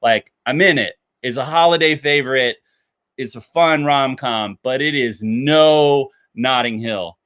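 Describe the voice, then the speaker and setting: Bright, upbeat man hosting a livestream. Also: mid-range voice, a little slow, smooth, no room sound. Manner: enthusiastic, chatty, lots of fillers. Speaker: livestream host. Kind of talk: casual livestream chat. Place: indoors under bright lights.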